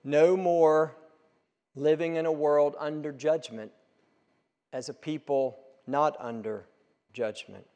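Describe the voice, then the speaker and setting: Male pastor, high voice, unhurried sermon delivery with emphatic repetition, big hall reverb. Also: steady tone, dull audio. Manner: building emphatic repetition, rising to forceful peaks. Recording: long reverb of a large room.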